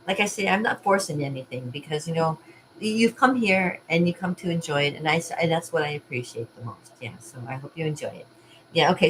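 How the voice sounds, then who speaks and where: A woman's voice: low-pitched, slight background noise, rough recording. A middle-aged woman chatting casually to her viewers, rambling and laughing often. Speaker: vlogger and art party host. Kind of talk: casual rambling chat to camera.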